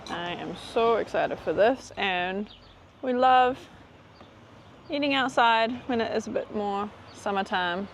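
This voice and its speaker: An upbeat woman chatting through her dinner prep in a home kitchen, speaking at a middle pitch. She talks casually and teases herself now and then. A faint hiss of background noise sits under her voice. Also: measured pace. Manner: chatty, upbeat, self-teasing. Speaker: vlogger cooking at home. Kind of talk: casual cooking vlog chat.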